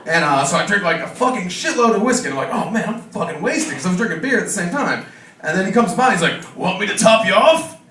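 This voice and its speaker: This comic talks fast in a high, pushed, bright voice with big pitch swings, telling a crude party story and playing its other characters. The recording is echoey from a faraway mic at a comedy club, with slight background noise and audience laughter.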